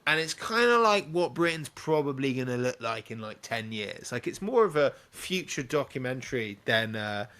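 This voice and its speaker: A man hosting a podcast, talking about films in a chatty, loose and excitable way. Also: mid-range voice, moderate pace, hardly any pauses. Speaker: podcast host. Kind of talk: casual film discussion.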